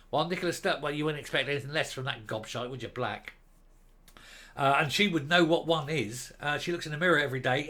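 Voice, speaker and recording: A man's voice: on the high side, pushed and bright. A man giving opinionated, sarcastic commentary on a news article in a ranting manner. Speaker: commentary vlogger.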